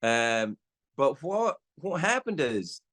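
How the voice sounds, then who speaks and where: Animated man telling stories. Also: medium pitch, takes it slowly. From Scotland. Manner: animated storyteller, acts out voices. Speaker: guest. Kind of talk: casual storytelling in a podcast chat.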